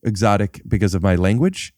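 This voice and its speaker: A man's voice: lowish voice, expressive, brisk, a little mellow, no echo, clean studio sound. A man hosting a podcast who asks curious questions and often stops and restarts in a casual chat. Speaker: podcast host.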